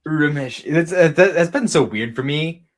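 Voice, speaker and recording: A man's voice: fairly high pitch, expressive, moderate pace. A man co-hosting a casual podcast chat, talking in a rambling way with plenty of fillers. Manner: chatty, rambling with many fillers. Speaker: podcast co-host.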